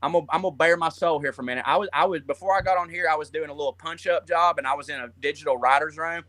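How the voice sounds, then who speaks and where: A man from Georgia with a Southern accent, a guest comedian in a casual chat, rambling and profane as he tells animated stories. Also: on the high side, rapid-fire.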